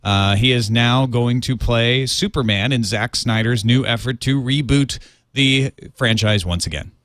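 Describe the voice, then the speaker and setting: A man co-hosting a podcast, chatting casually with dry jokes and quick bursts of talk. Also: medium pitch, a bit bright. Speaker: podcast co-host. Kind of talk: casual chat.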